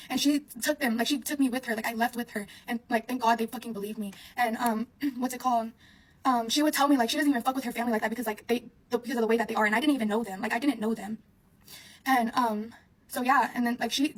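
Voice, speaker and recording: A young woman talks straight to her viewers in a fast, breathless rush. Her voice sits a little high, and her story keeps circling back on itself through constant "like"s and casual swearing. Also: a bit bright. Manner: rambling, heavy use of "like", frequent swearing. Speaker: vlogger.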